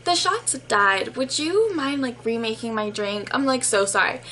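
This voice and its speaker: A woman's voice: on the high side, expressive, moderate pace, sharp tone. A woman doing a sweetly polite young customer.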